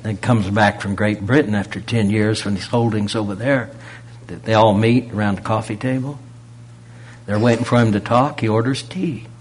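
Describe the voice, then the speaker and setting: A man preaching a sermon, pressing rhetorical questions and swinging from loud emphasis to a near-whisper. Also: fairly low pitch, steady tone, moderate pace, breathy edge.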